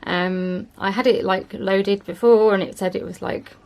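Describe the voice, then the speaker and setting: A woman's voice: mid-range voice, fairly even intonation, a little slow, darkish tone. A young woman chatting casually to camera in her vlog, rambling along with plenty of ums and little laughs. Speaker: vlogger.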